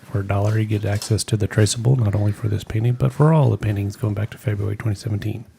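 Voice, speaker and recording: A man co-hosting a live painting stream, reading out viewer messages with dry jokes and halting speech. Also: lowish voice, fairly even intonation, creaky, dark tone, a little hiss or hum. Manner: dry joking, halting, reads names out.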